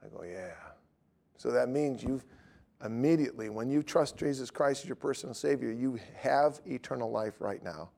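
A middle-aged man, an evangelist, preaching through lively anecdotes and acting out the dialogue. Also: mid-range voice, moderate pace, vocal fry. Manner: lively storytelling, acts out dialogue.

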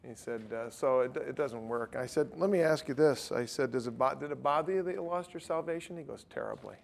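A man's voice: mid-range voice, brisk, vocal fry. A middle-aged man preaching, telling a story conversationally and acting out both sides of a dialogue. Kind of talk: sermon with retold street-evangelism story.

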